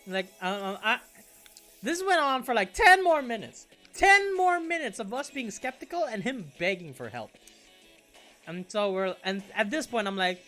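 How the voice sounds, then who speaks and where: A man's voice: extremely high pitch, big pitch swings, normal speed, pushed and bright, soft background music. A young man casually telling a story, swearing a lot and restarting his sentences. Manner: swearing freely, rambling with restarts.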